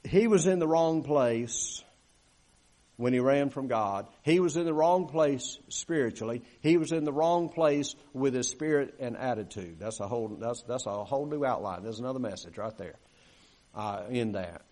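A man's voice: medium pitch, normal speed, mellow. A man preaching a sermon in a church, talking conversationally, asking for amens and acting out quoted grumbling. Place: church sanctuary.

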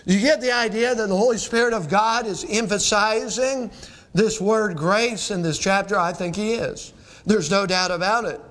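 High-voiced man preaching a sermon. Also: moderate pace, a bit bright. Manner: preaching with rhetorical questions and scripture reading. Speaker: pastor.

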